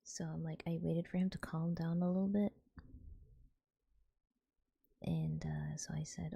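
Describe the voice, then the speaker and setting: A woman, softly whispering as a streamer telling a story in ASMR style, rambling with restarts. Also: sits low, steady tone, fairly quick, gravelly, hardly any pauses, slightly rough.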